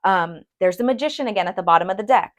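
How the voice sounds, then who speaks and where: A woman giving a casual tarot reading to her viewers, chatty and animated, checking in with them often. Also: medium pitch, fast. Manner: chatty and animated, addresses viewers as "you guys", frequent "okay?". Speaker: tarot reader.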